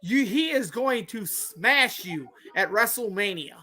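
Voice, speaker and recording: Woman cohosting a wrestling podcast, loud and emphatic, laughs a lot, middle pitch. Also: lively intonation, measured pace. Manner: emphatic, trash-talking, laughs often. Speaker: podcast co-host. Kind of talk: casual wrestling chat.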